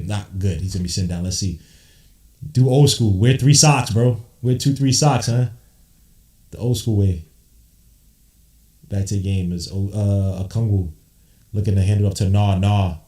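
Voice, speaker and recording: A man calling a basketball game live, switching between low muttered play-by-play and hyped, slangy shouting. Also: steady tone, moderate pace, long pauses, far from the mic. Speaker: podcast host doing live game commentary. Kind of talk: excited watch-along play-by-play. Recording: roomy echo.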